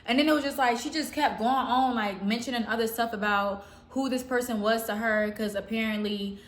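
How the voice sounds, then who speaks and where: A woman from the Southern US telling a story casually in a slangy, rambling way with animated quotes. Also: on the high side, a little fast. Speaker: storytime vlogger. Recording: roomy echo.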